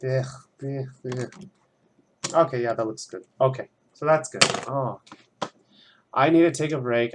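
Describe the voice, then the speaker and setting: A man's voice: medium pitch, noisy background. A young man chatting casually and rambling as he works on a drawing at home, swearing freely. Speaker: art student drawing on stream. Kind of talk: casual commentary while drawing.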